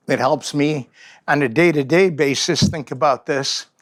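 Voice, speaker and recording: Older man, slow reflective speaker, slightly high voice, dry close sound. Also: no room sound. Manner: gentle, reflective, with pauses. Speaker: speaker in a talk series on aging. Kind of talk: reflective talk.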